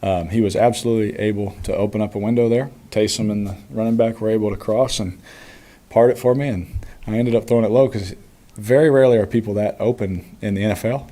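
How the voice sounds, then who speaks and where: Man, 30s, quarterback at a postgame presser, easygoing, laughs often, mellow low voice. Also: fast talker. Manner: relaxed, chuckling, many fillers. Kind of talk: postgame press conference answers.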